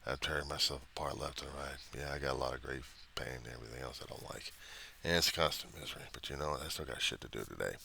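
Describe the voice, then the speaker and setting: A man's voice: rumbling low, fast, vocal fry, sharp tone, a little hiss or hum. A man venting in a personal diary monologue, angry, rambling and profane. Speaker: diarist.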